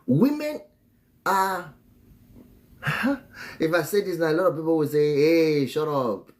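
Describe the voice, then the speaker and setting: Slow-talking man giving a preachy live-stream talk. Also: fairly high pitch, steady tone. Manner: preachy, chuckles often, repeats phrases. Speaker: relationship teacher and author.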